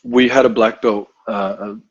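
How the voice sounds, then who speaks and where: A man talking as a podcast guest, blunt and profane, telling animated stories in casual conversation. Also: on the low side, normal speed, breathy edge, dry recording, lo-fi sound. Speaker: podcast guest, combat instructor.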